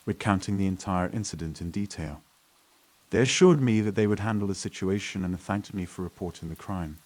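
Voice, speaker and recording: A man reading a first-person horror story in steady, scripted narration. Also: deep voice.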